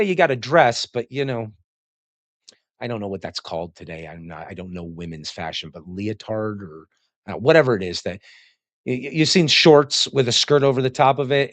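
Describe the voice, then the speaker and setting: A man's voice: fairly low pitch, dry recording. A man giving casual, digressive commentary on a classical text he reads aloud, laughing often and slipping into mocking voices for quotes. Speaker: host reading and commenting on classics.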